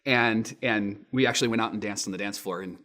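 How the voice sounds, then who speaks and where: A man in his thirties, a pastor giving a sermon with lively storytelling, acting out quotes in raised voices. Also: fairly low pitch, fairly quick.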